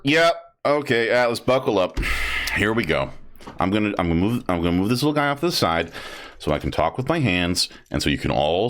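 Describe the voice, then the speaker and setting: A young man talks casually on his livestream, rambling from one thought to the next. His voice sits fairly low but swings widely, and he jumps into high, silly voices for the jokes. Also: fairly bright tone. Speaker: streamer building model kits.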